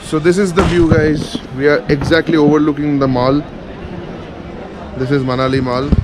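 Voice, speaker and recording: A man's voice: on the high side, flat delivery, normal speed, crowd noise. A man from India chatting casually as a travel vlogger, showing viewers around a hotel room and balcony over a busy street. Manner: chatty, touring the room and pointing things out to viewers. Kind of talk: casual travel vlog chat. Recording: outdoor street noise.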